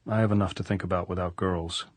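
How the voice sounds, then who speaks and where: A man's voice: sits low, fairly even intonation, fast, no echo. A man voicing a reserved young demolition expert who answers tersely and guardedly in an audiobook.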